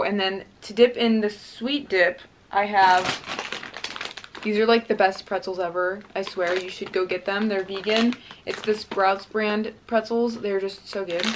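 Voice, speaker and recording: A young woman hosting a casual eating vlog, talking in a bubbly, excitable way and saying "like" a lot. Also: mid-range voice, a little hiss or hum. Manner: bubbly, excitable, says "like" often. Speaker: mukbang vlogger.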